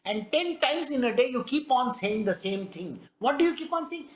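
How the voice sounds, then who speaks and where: Animated woman teaching a spiritual discourse. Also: a little high, normal speed, hardly any pauses. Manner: lively, animated teaching with rhetorical questions. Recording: roomy echo.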